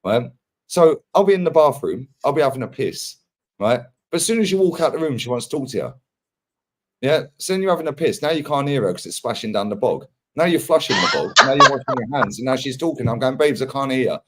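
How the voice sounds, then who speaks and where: A man's voice: mid-range voice, expressive, quick pace, fairly bright tone, a little hiss or hum. A man with a London accent hosting a casual chat, telling stories full of slang, swearing and laughter. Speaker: podcast host. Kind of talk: casual banter.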